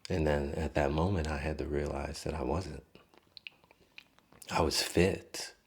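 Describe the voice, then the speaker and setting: A man with an extremely deep, husky voice tells his story in an interview. He speaks candidly and reflectively, pausing often between thoughts. His low, rough tone stays calm and unhurried. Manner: candid, reflective, with pauses and fillers.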